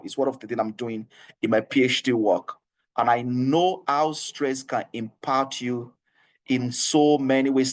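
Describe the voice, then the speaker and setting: A man with a Nigerian English accent, an HR trainer giving an online training session, earnest and coaxing, repeating his points and often laughing. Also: medium pitch.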